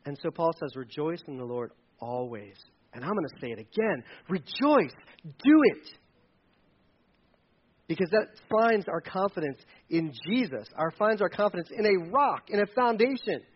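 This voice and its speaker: High-voiced pastor guy preaching, jokey and animated, kinda dull muffled audio. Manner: animated, repeats for emphasis, jokes with the congregation. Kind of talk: sermon.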